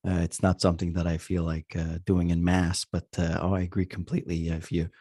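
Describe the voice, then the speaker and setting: A man hosting a podcast interview, speaking haltingly with many fillers. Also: low voice, monotone, warm tone, no room sound, studio quality. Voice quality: gravelly. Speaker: podcast host. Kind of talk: casual interview chat.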